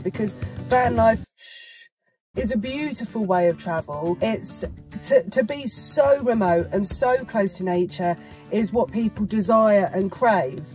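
Higher-voiced woman, earnest vlogger, light music bed. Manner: earnest, questioning, animated. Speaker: vanlife vlogger. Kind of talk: casual chat to camera.

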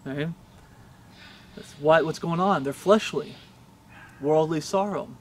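Male pastor, higher voice, impassioned sermon delivery, scripture readings and rhetorical questions. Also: takes it slowly, slight background noise. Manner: impassioned preaching, reads scripture aloud, asks rhetorical questions.

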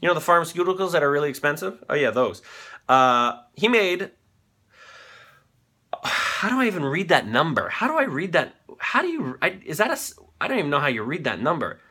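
A man's voice: on the high side, very animated, a little fast, pushed and bright, slightly rough. A man in his thirties hosting a comedic news commentary show, ranting with profanity while on cold medication. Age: 30s. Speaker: host.

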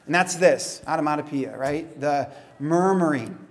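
A man as pastor, preaching a casual, conversational sermon with chatty asides and quick laughs. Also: fairly high pitch.

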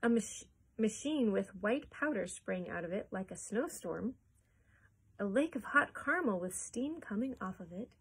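A woman librarian reading a chapter book aloud in a gentle, expressive storytelling way. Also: medium pitch, moderate pace, breathy edge, rough recording. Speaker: children's librarian.

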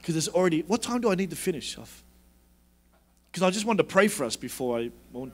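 Male guest preacher, high voice, casual humor, fervent sermon delivery. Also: big pitch swings, a little fast. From Australia. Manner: conversational, joking, builds to fervent emphasis. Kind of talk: conference sermon.

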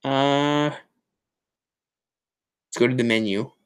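A man chatting his way through a casual live stream as its host. He rambles and keeps up a running stream of self-mocking asides, in an ordinary voice that is neither high nor low. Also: fairly even intonation, takes it slowly, smooth. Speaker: host of a Halloween prop channel live stream.

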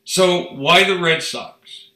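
A man's voice: sits high, takes it slowly. A man hosting an interview, asking questions in a teasing, playful way. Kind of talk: casual interview conversation. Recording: echoey room.

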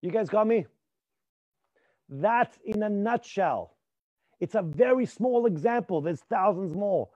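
A man teaching a live acting class, emphatic and repetitive, sometimes dropping to a hushed voice to demonstrate. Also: high-pitched, lively intonation, a little slow, pauses often, no echo, highs cut off. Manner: emphatic, repeats points, drops to near whispers to demonstrate.

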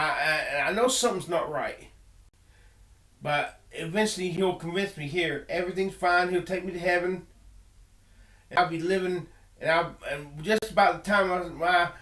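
A man's voice: a little high, a bit bright, roomy sound. A man giving an earnest personal monologue, emphatic and full of repeated words and restarts. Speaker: video blogger.

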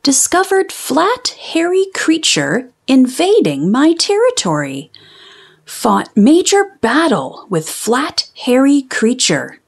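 A woman voicing a sleepy, bossy, carrot-demanding wombat in a children's storybook, with deadpan diary entries and sleepy words whispered. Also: high-pitched, slow, gravelly, full character voice. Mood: dry, sleepy.

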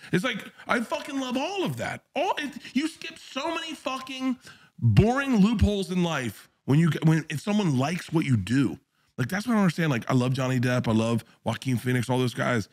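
A man's voice: fairly high pitch, moderate pace. A man who is a comedian guest, chatting casually on a podcast and telling profane, enthusiastic stories while acting out the voices. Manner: animated storyteller, acts out voices.

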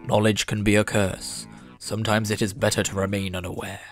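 Man doing a cold, measured possessing spirit for a game playthrough, slow and menacing. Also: on the low side, level tone, faint music behind, lightly acted.

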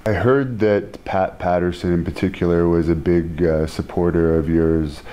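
A man's voice: low voice, steady tone, moderate pace, dark tone. A man hosting an interview, asking easygoing questions with fillers.

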